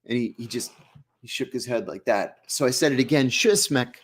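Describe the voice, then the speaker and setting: A man's voice: medium pitch, brisk. Male interview guest, mid-range voice, storyteller who acts out dialogue. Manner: vivid first-person storytelling, acting out dialogue.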